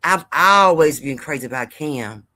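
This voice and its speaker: A woman's voice: deep voice, animated, measured pace, bright, forceful tone. A woman hosting her channel in a casual vlog monologue, chatty and rambling as she talks straight to her viewers and hands out heartfelt life advice. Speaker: host of a gossip and news channel.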